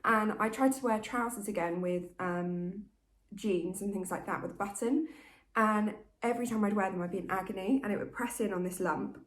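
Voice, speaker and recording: Speaking at a normal speed in a mid-range voice, a woman vlogs to camera in a casual, open way. She's candid and chatty, as though talking to a best friend, and the audio sounds roomy.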